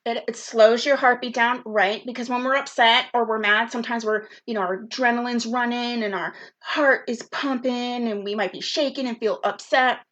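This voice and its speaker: A woman's voice: on the high side, steady tone, moderate pace, hardly any pauses, a bit bright. A woman leading a live online youth workshop, chatty and upbeat, reading out viewers' comments by name over a video call. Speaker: program specialist leading a virtual youth workshop.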